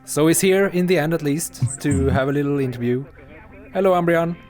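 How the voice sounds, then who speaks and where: A man's voice: a little high, brisk, a little mellow, soft background music. A man hosting a game tournament live, chatty and often laughing as he interviews players. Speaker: tournament host. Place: online virtual-reality game session.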